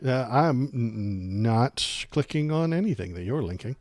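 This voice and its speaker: A man's voice: medium pitch, expressive, measured pace, a little mellow, dry recording. A man hosting a political livestream, ranting sarcastically and rambling as he reacts to chat.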